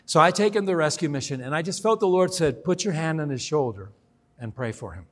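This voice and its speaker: A man's voice: a little high, expressive, fast talker, a bit bright. A middle-aged man preaching as a guest speaker, telling a personal story and acting out the dialogue. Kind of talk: sermon storytelling.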